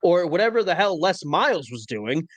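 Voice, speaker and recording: A man hosting a college football podcast, his voice sitting a little high for a man. He talks in a wry, opinionated, casual way about the latest news. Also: sing-song, normal speed. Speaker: podcast host. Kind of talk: casual sports talk.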